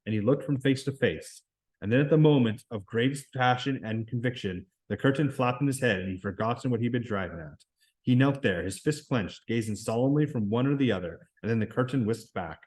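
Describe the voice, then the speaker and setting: Male amateur reader, mid-pitched, steady novel narration, small stumbles. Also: a little fast, low-quality recording. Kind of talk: reading a novel aloud.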